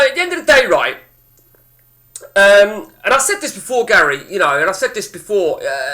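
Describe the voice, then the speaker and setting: A man's voice: high-pitched, sharp tone. A man hosting casual gameplay commentary, chatting with viewers in a blunt, profane, ranting way. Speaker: host.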